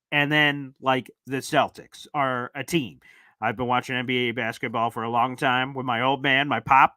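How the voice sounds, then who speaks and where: A young man hosting a live sports fan call-in show, talking in an excitable, rambling and emphatic way. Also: mid-range voice, no echo. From northeastern United States.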